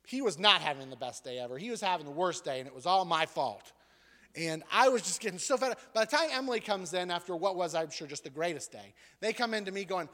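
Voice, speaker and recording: A man preaching a sermon as a pastor, telling funny personal stories in an animated, joking way. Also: high voice, fast, long reverb tail.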